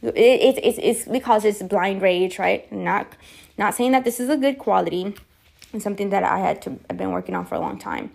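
Woman, 40s, podcast host, gravelly edge, frank storytelling with swearing. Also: mid-range voice, brisk. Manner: candid, animated, swears freely. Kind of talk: personal storytelling monologue.

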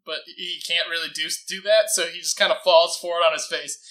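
Male player, high and bright, playful casual delivery. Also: fairly even intonation, a little fast, low-quality recording. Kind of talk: casual tabletop play.

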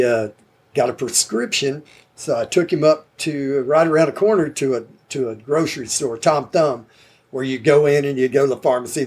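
A man's voice: mid-range voice, a little mellow, breathy edge. A man telling rambling, laid-back stories in casual chat, swearing easily.

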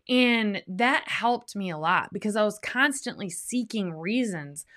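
A woman's voice: medium pitch, lively intonation, a little slow, hardly any pauses, a bit bright. A middle-aged woman co-hosting a podcast in casual chat, candid and reflective as she shares personal experience. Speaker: podcast co-host.

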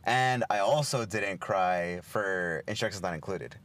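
Low-voiced man in profane casual chat. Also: measured pace, fairly bright tone. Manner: profane, laughing, storytelling. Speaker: podcast co-host.

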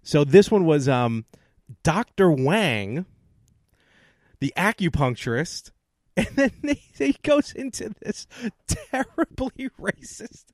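A man chats on a podcast, spinning long stories and laughing along the way. His voice sits a touch high and swings widely in pitch. The mic is close and the sound is dry. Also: slow, no room sound. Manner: animated storyteller, laughs often. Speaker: podcast co-host. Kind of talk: casual chat.

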